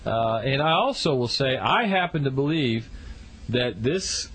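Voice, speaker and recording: A male radio host chatting about racing, loose and unscripted. His pitch sits in the middle and he keeps circling back to rephrase himself. The talk is casual and rambling. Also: animated, measured pace, fairly bright tone. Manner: rambling, with many restarts.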